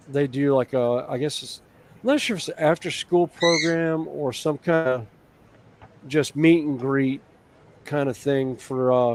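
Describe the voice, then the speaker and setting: A man's voice: medium pitch, darkish tone, a little hiss or hum. Rambling man in casual chat. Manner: rambling, filler-heavy storytelling.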